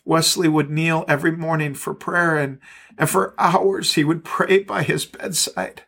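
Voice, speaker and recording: A man's voice: fairly high pitch, steady tone, a little slow, vocal fry, fairly bright tone. A man pastor delivering a podcast sermon and prayer, with a fervent, repetitive prayerful cadence.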